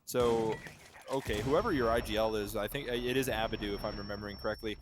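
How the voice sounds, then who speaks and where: A man's voice: lowish voice, fast talker, background noise. A man giving analytical color commentary on a live esports match, breaking down strategy with enthusiasm.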